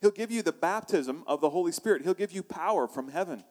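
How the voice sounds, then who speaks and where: A man preaching a sermon as pastor, animated, acting out quoted voices and asking the congregation questions. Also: high-pitched, fast talker, long reverb tail.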